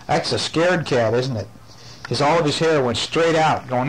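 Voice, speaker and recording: A man's voice: mid-range voice, normal speed, a little hiss or hum, rough recording. Playful father reading a bedtime story. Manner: playful and animated, with chatty asides to the child. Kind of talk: reading a picture book aloud to a child.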